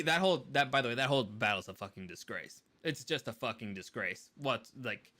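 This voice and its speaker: A man's voice: mid-range voice, fairly quick, hardly any pauses. A man co-hosting a podcast in casual chat. He rants animatedly and swears often. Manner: animated ranting, swears a lot. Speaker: podcast co-host.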